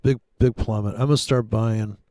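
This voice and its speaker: A man's voice: on the low side, fairly even intonation, normal speed, mellow, no room sound. A man giving rambling, sarcastic, profane commentary while trading live. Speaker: day trader streaming live.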